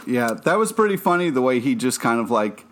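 A man's voice: mid-range voice, big pitch swings, a little fast. A man co-hosting a casual podcast, retelling scenes loosely with many "like"s. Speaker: podcast co-host. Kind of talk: casual TV recap chat.

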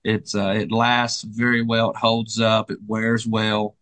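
A man who co-owns a furniture store strolls through the showroom, describing pieces in a relaxed, friendly sales style. His voice is on the low side and a little slow, with no room sound.

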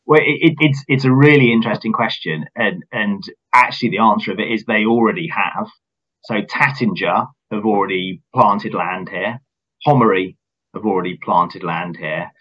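Brief: deep, husky man, finance executive, measured answers, dull muffled recording. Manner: measured, earnest, repeats words at starts. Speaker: company finance chief. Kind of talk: business interview answers.

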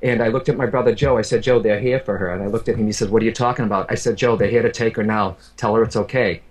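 A husky, fairly low-pitched man talks fast with fairly even intonation. He is a medium telling an emotional story from his life, earnest in tone, often repeating words and speaking directly to the listener.

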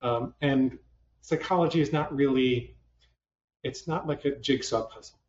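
A man's voice: medium pitch, a little slow, a little mellow. A man, a psychologist, giving a conversational talk to a live audience with self-deprecating humor and many restarts, recorded in a hall. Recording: roomy, distant, dull lo-fi hall sound.

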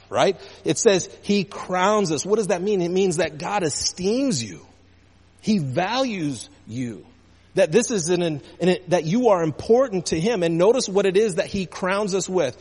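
A man's voice: high-pitched, animated, measured pace, darkish tone, slightly rough. A male pastor preaching a sermon, calling out to the congregation, with emphasis that rises and falls. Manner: call-and-response preaching, rising and falling emphasis. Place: church sanctuary. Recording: church hall reverb.

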